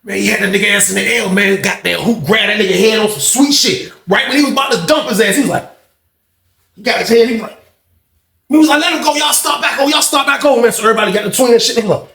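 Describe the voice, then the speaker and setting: Gravelly man telling a wild story. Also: sits high, quick pace, roomy sound, slight background noise. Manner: animated, profane, acts out quoted speech. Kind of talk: casual storytelling.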